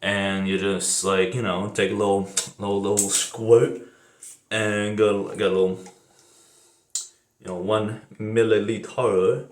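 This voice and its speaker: A young American man chats loosely in a vlog, swearing freely and laughing at his own jokes. His voice sits low. The sound bounces around an echoey bathroom. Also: flat delivery, a little slow. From United States. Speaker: vlogger. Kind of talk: casual rambling vlog. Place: bathroom shower, then indoors.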